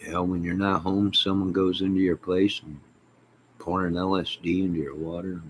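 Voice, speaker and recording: A middle-aged man with a very low, deep voice chats loosely with his live viewers, wandering from point to point and answering their comments with mock exasperation. Faint background hum sits under his talk at home. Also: level tone, moderate pace. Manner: rambling, exasperated, talks back to chat comments. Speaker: YouTube live host. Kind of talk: rambling casual chat to viewers.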